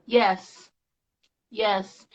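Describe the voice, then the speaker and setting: A woman's voice: medium pitch, steady tone, extremely slow, lo-fi sound. A woman hosting a live podcast, talking in an upbeat, chatty way and often repeating herself. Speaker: podcast host. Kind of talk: casual live-stream chat.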